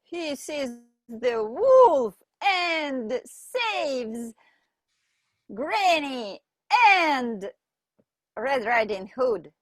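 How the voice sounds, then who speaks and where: A woman reads a storybook to young learners in a high, sing-song voice that rises and falls a lot. She speaks very slowly and pauses to point at the pictures. The sound is close and dry. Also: dry recording. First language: Russian. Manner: slow, expressive, pointing at pictures. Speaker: English teacher for children. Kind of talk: reading a picture book aloud to children.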